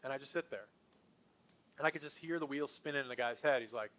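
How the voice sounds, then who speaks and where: Middle-aged man, sales trainer, slightly high voice, lively and punchy, talks straight to a group. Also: quick pace. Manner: enthusiastic, conversational, punchy.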